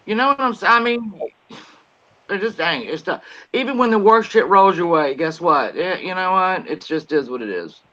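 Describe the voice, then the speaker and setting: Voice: medium pitch, lively intonation, moderate pace, bright, forceful tone, muffled recording. A stream guest chatting casually, with a joking, drawling, emphatic way of talking. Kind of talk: casual chat.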